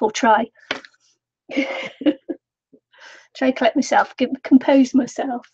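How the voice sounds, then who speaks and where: A woman's voice: high-pitched, fairly even intonation, takes it slowly, pauses often, a little mellow, husky. An older woman chatting casually to viewers on a craft live stream, laughing often. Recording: dull lo-fi home recording.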